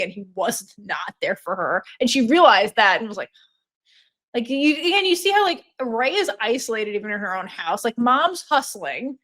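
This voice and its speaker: A podcast co-host with a fairly high voice chats casually at normal speed, animatedly retelling scenes. She acts out the characters' lines and swears freely.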